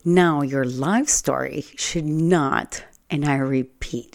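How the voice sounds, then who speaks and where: Her voice is very deep and creaky, and she speaks slowly with few pauses. A Spanish-speaking personal branding speaker, she delivers an earnest, conversational motivational talk built around a personal story, with restarts and emphatic repetition to drive points home.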